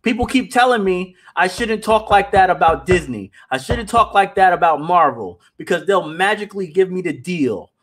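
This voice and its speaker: Man, high voice, casual livestream chat, animated, talks straight to viewers, repeats himself. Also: moderate pace, few pauses, a little hiss or hum. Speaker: animation company founder hosting a livestream.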